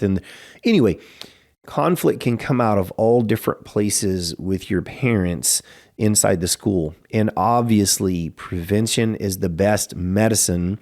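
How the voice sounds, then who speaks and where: A man's voice: measured pace, darkish tone. A man who runs a martial arts school, talking casually in a podcast interview and telling stories with plenty of "you know" fillers. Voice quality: gravelly, creaky low voice.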